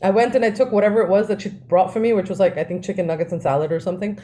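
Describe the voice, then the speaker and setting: A woman, co-hosting a podcast and telling family stories in a lively way, often laughing. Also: mid-range voice, racing. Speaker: podcast co-host. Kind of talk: casual storytelling.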